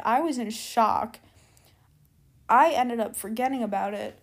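With a fairly high pitch and a measured pace, the same storytime vlogger chats loosely through her story. Asides of "like" and "keep in mind" pile up, and she pauses to backtrack when she loses her place.

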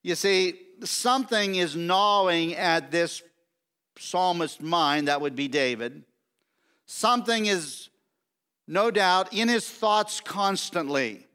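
A middle-aged man preaching a sermon, emphatic and repetitive, stretching key words slowly. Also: sits high, lively intonation, bright, forceful tone, clean tone. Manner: emphatic, repetitive preaching with slow drawn-out stresses. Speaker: pastor.

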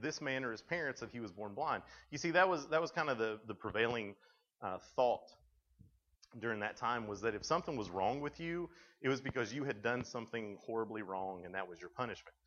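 A man's voice: mid-range voice, a bit bright, highs cut off. A man giving a casual, joking sermon to a youth group, acting out the voices in the story he tells. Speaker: youth speaker.

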